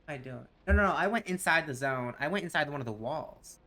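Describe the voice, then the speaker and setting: Talking fast in an animated, high-leaning voice with a bright, forceful tone, this Tennessee man chats casually with viewers during a game stream. He rambles and drifts off on tangents easily.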